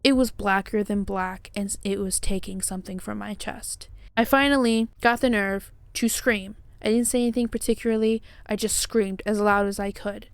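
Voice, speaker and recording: Woman, vlogger, dramatic personal storytelling, smooth clear voice, dry close sound. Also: mid-range voice, steady tone, normal speed, hardly any pauses, dry recording. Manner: emotional, dramatic retelling with many fillers. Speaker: paranormal investigator and vlogger.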